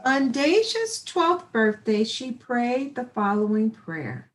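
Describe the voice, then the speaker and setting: Slow, lively woman reading a storybook. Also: fairly high pitch. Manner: slow, expressive, encouraging. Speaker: storybook reader. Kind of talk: children's story read-aloud.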